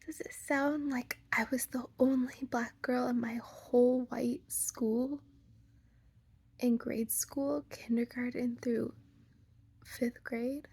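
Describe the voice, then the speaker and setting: A woman's voice: a little high, steady tone, slow pace, darkish tone, slightly rough. A young woman with an American Valley girl accent, talking casually to camera, full of "like" fillers, playful asides and half-whispered lines. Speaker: vlogger.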